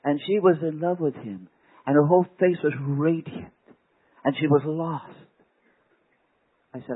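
A man preaching a sermon, telling a story with dramatic swings from hushed words to loud exclamations. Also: fairly high pitch, expressive, normal speed, long pauses, breathy edge. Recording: tinny phone-like recording.

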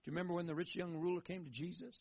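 A man preaching a sermon in an animated way, repeating phrases for emphasis, on a dull lo-fi recording. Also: high-pitched, racing, vocal fry, dry recording. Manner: animated, acts out quoted voices, emphatic repetition.

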